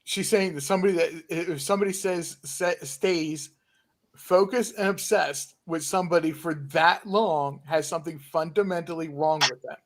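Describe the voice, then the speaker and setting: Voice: mid-range voice, a little hiss or hum. Stammering co-host on a stream. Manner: quick to apologize, stammering restarts. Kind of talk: casual livestream chat.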